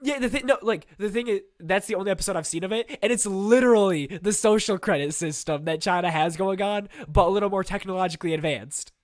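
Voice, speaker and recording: A male podcast co-host chats casually, animated and full of filler words. His voice is slightly high, and the recording is dry and close. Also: fast, hardly any pauses, no room sound. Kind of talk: casual current-events chat.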